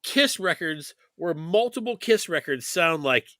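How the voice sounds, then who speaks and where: A man's voice: fairly high pitch, expressive, measured pace, sharp tone. A man co-hosting a music podcast, talking in a loose, rambling way with many restarts. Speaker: podcast co-host. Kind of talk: casual chat.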